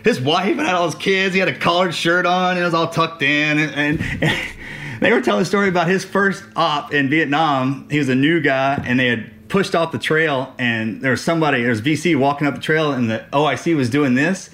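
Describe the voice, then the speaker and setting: Male podcast co-host, raised pitch, animated storyteller who acts out quotes and laughs a lot. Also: brisk. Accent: Texan. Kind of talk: casual storytelling chat.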